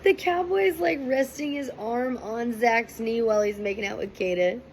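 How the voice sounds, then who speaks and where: A young woman casually recapping and reacting to a TV episode, chatty and animated, with a faint hiss behind her. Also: fairly high pitch, moderate pace, low-quality recording. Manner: chatty, animated, quotes people in raised voices. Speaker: reaction commentator.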